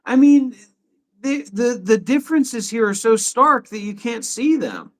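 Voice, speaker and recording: Man, thirties, high voice, heated, swearing, ranting live stream host. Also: sing-song, measured pace. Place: his apartment.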